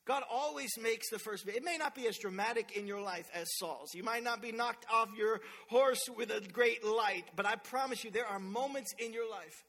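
High bright-voiced man preaching in a hall. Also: moderate pace, few pauses. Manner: animated storytelling, acts out quotes loudly. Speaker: pastor. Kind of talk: sermon. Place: church sanctuary. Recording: long hall reverb.

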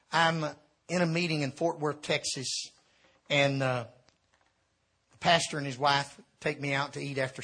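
A middle-aged man, an evangelist, telling a comic story in a sermon, swinging between shouting and quiet confession. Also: on the high side, slightly rough. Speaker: evangelist preacher.

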